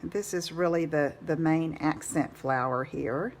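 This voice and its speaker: A woman's voice: low-pitched, a little slow, slight background noise. A woman giving a live card-making demonstration, chatty and encouraging, greeting viewers by name.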